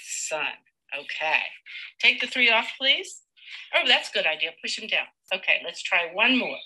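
A woman teacher working through a live demonstration lesson with a child. Her voice is very bright and sharp, and she stays patient and encouraging. She stretches out and segments each sound slowly. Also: medium pitch, lively intonation, poor audio.

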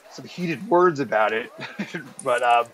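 A man's voice: medium pitch, lively intonation, slow pace, a bit bright, slight background noise, poor audio. An American man, a guest on a podcast, chatting casually and hesitantly with chuckles between thoughts.

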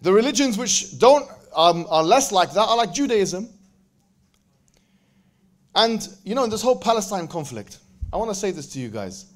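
A man giving a lively religious lecture to a live audience, joking and bantering with the crowd and quoting verses in quick Arabic recitation. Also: high voice. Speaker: speaker at a religious event.

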